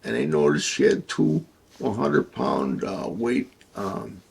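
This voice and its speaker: A man casually telling a rambling, crude anecdote with halting starts. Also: medium pitch, sing-song, gravelly, a little mellow, slight background noise. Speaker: storyteller.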